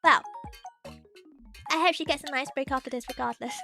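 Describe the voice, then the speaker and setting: A woman's voice: high voice, normal speed, gravelly, pushed and bright, faint music behind. A young woman streaming as a VTuber, chatting casually with her viewers, giggly and playfully teasing her chat.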